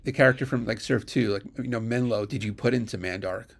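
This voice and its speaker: A man interviewing a guest in casual chat, halting and full of fillers. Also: medium pitch, vocal fry. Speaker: podcast interviewer.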